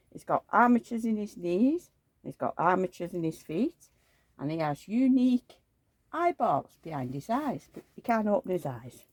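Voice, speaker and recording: This vlogger, a reborn doll collector in her seventies, meanders through cozy anecdotes and voices the characters' words herself. Her medium-pitched voice is husky and a little mellow, recorded dry.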